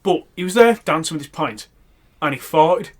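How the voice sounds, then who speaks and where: A young man with a slightly high voice spins a comic anecdote for a podcast. He bursts into loud acted-out quotes and laughter as the story builds. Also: expressive, moderate pace. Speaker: podcast co-host. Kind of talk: casual comedic storytelling.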